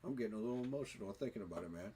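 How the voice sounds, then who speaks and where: A man's voice: lowish voice, animated, racing, mellow, a little hiss or hum. A man giving an emotional, preacher-like fan monologue, repeating his phrases for emphasis. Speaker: sports fan commentator.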